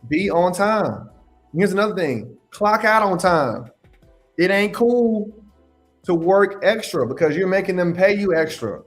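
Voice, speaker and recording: A man hosting a live question-and-answer stream, giving blunt, emphatic advice and scolding his viewers. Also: high voice. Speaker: host answering live questions on insurance adjusting.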